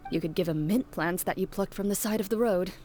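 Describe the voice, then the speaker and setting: A woman voicing a calm, composed young huntress in a video game, speaking tersely and with dry formality. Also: mid-range voice, fairly quick, loud music behind the voice, lightly acted. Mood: cool.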